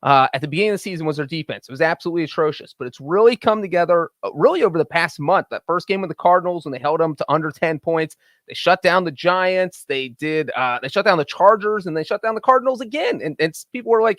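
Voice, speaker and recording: A man's voice: fairly high pitch, fast talker, fairly bright tone, no echo, studio quality. A man co-hosting a casual football betting podcast, laying out his picks in confident, flowing arguments. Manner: confident, talks in full flowing points. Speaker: podcast co-host, NFL betting analyst. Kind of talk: casual sports betting chat.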